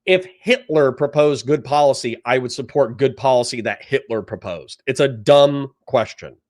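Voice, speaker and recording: A man commenting live on a debate stream, heated and profane, ranting in quick bursts. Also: mid-range voice, darkish tone. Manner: heated, profane, rapid rants.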